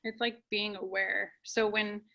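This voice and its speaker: A woman in her thirties talks openly and warmly about parenting on a casual podcast, full of "like"s and rambling asides. Her voice is bright and clear, at a middle pitch. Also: little pitch movement, unhurried. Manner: chatty, heartfelt, heavy use of "like". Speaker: podcast guest or host, parent.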